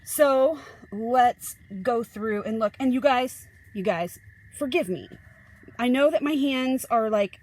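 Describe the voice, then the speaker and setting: A woman chats her way through a tarot deck review, her voice sitting a little high and her pace slow and easy. She rambles, interrupts herself, and bursts into gushing exclamations. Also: a little mellow. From Ozarks, United States. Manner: chatty, rambling, self-interrupting. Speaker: tarot reader.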